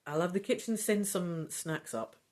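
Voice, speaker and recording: A woman voicing a practical, brisk female hotel manager. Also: on the low side, a little mellow, close to an everyday voice.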